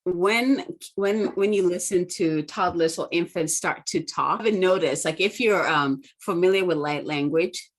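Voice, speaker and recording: A woman's voice: fairly low pitch, unhurried, hardly any pauses. A woman guest in a casual interview, speaking earnestly and enthusiastically, often saying "like". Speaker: guest author and healer.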